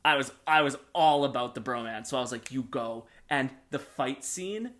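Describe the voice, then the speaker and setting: A young man co-hosts a casual gaming podcast at an ordinary, middle pitch. He retells scenes eagerly and rambles, piling up fillers and restarts as he talks. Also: animated, moderate pace, a bit bright. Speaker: podcast co-host.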